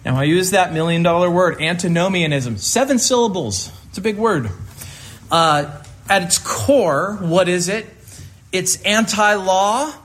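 A male pastor delivers a sermon in an earnest, conversational way, with a slightly higher pitch. He talks through his points with casual fillers. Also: measured pace, fairly bright tone.

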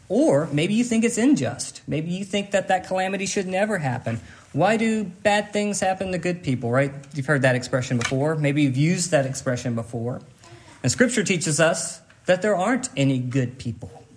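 Man, pastor, sermon, earnest, emphatic, repeats key phrases, slightly high voice.

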